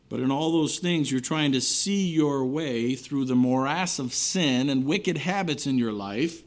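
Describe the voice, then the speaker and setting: A man preaching a sermon, earnest, rising to emphatic lines and then dropping low and quiet at the ends of phrases. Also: expressive, moderate pace, hardly any pauses. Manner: earnest preaching with wide swings between raised and hushed phrases.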